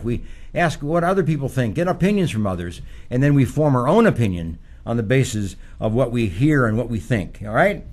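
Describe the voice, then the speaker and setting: An older man talks parents through their children's feelings and choices. His delivery is earnest and teacherly, with a lot of repetition. His pitch swings lively as he stresses his points. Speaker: psychologist giving parenting advice. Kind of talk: advice talk.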